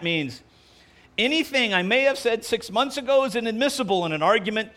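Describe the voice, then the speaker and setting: Guy pastor, high voice that jumps around a lot, joking sermon. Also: fairly quick. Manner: animated, playful delivery of jokes.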